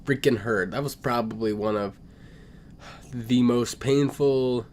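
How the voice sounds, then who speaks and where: A young man telling a comedic story, swinging between loud outbursts and muttered asides. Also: medium pitch, a little slow, a little hiss or hum.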